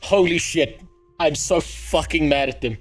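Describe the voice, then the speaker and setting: A man's voice: a little high, measured pace, faint music behind. A man livestreaming who greets his chat and rants angrily, swearing constantly. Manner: angry profane ranting. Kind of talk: casual live-stream chat.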